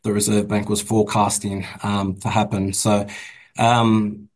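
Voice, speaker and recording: Man, Australian accent, lowish voice, halting speech full of ums, economist commentary. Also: level tone, poor audio. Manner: hesitant, many fillers and restarts. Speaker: bank economist. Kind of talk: casual interview commentary.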